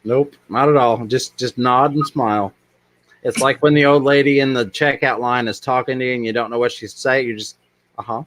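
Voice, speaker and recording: A man's voice: medium pitch, steady tone, fairly quick, fairly bright tone. A man hosting a casual livestream chat, joking and self-deprecating as he rambles along. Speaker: livestream host.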